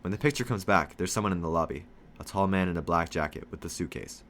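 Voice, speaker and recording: A man reading a children's novel aloud in steady first-person storytelling, lightly voicing the dialogue. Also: sits low, fast, slight background noise.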